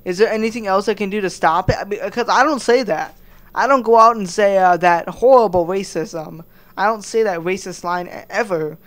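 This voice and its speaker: Smooth-voiced man ranting crudely. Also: sits high, moderate pace, fairly bright tone. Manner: crude, heated, stammering restarts. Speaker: commentary vlogger. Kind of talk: ranting reaction commentary.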